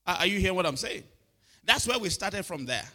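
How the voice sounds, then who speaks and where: A man's voice: high-pitched, expressive, brisk, bright, forceful tone. A middle-aged man preaching a sermon, often asking if listeners are following and repeating his words. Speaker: pastor.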